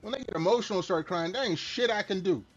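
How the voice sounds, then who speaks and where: A man's voice: high-pitched, fast, breathy edge. A middle-aged man chatting casually while streaming a game, rambling, candid and self-deprecating. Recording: slightly dull lo-fi stream mic with faint music.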